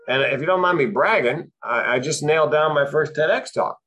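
Guy doing dry punchline storytelling, comedian vibe, regular pitch. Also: animated, fairly quick, hardly any pauses, fairly bright tone. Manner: dry, punchline-driven timing. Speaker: comedian and speaker. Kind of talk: comic storytelling on mental health.

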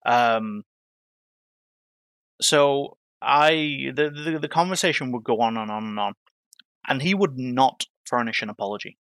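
A man speaking at a mid pitch into a podcast mic, close and dry with no room sound. He talks candidly and reflectively, pausing often and restarting his sentences as he works through his thoughts. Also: a bit bright, clean tone, dry recording. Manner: reflective, halting, many fillers and restarts. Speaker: podcast guest. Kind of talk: candid interview conversation.

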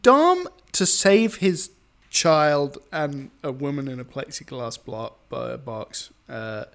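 A man's voice: mid-range voice, animated, slow, creaky, a bit bright. A man co-hosting a podcast, chatting casually and asking wry, skeptical questions. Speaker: podcast co-host. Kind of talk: casual chat.

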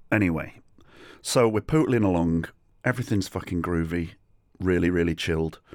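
A man's voice: low-pitched, a little mellow, no echo, clean studio sound. A middle-aged man hosting a solo podcast, telling rambling, sweary, self-deprecating anecdotes. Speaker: podcast host. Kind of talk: solo comedic storytelling.

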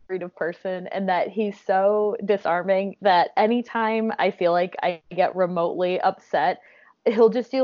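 Chatty female podcast guest, quick to laugh, dry and dull lo-fi sound. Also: medium pitch, no room sound. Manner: chatty, laughs often, many "like"s. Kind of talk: casual podcast interview.

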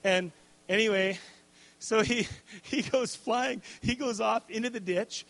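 Animated casual male preacher. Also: sits high, a little slow, vocal fry. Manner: animated storyteller, casual, many fillers. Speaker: pastor. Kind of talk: sermon with personal story.

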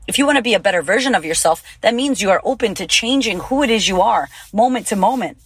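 A woman's voice: medium pitch, quick pace, husky, no echo. Blunt, swearing woman coach, dry mic. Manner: blunt, swears freely, emphatic and lively. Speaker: podcast host and confidence coach. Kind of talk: casual motivational monologue.

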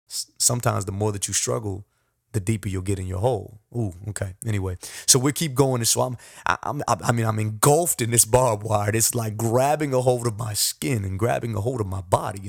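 A man with a low, gravelly, husky voice tells a personal story as a motivational podcast host. He talks in an animated, repetitive way, often laughing at himself. The recording is dry and close with no room echo. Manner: animated, repetitive, self-deprecating.

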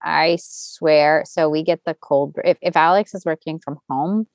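Woman podcast co-host, low voice, dry close sound, chatty and rambling. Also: fairly even intonation, moderate pace, dry recording. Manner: chatty, meandering with restarts. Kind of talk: casual chat.

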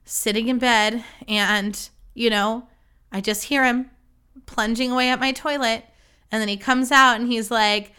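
A woman's voice: a little high, steady tone, a little slow, sharp tone, smooth. A woman hosting a podcast, telling a story in a rambling, profane, self-deprecating casual chat. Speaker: podcast host.

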